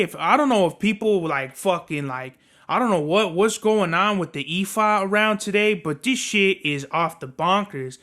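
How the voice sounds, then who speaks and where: High bright-voiced man ranting. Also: normal speed. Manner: animated, cursing, storytelling. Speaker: podcast host. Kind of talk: casual profane podcast rant.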